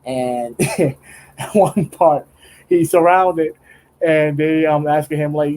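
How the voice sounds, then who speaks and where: This young streamer's voice is a little high and darkish, with a steady tone; he takes it slowly and pauses often, and the audio is poor. Drawing during a late-night livestream in his home studio, he chats casually, laughing a lot, rambling with many restarts, and speaking slangily.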